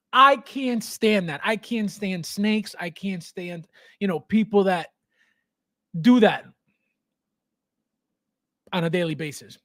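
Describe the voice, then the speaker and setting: A man with a high-pitched voice hosts a live stream, chatting with viewers and answering their comments. He talks in an animated way, repeats himself, and restarts his sentences often. His voice sounds dry and close, with little room echo. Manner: animated, repetitive, stammering restarts, laughs often. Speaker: livestream host. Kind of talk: casual live chat reading viewer comments.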